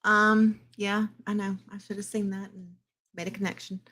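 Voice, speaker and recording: A woman's voice: medium pitch, flat delivery, normal speed, bright, forceful tone. A woman co-hosting a live stream, chatting in a rambling, self-deprecating way and often apologizing. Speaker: co-host. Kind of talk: casual live-stream chat.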